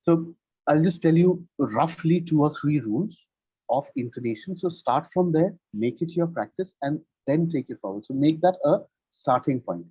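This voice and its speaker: A man's voice: on the high side, expressive, moderate pace, dark tone, slightly rough, no room sound. A man teaching English pronunciation in a one-on-one lesson, patient and checking in often with "right?". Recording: dull lo-fi sound.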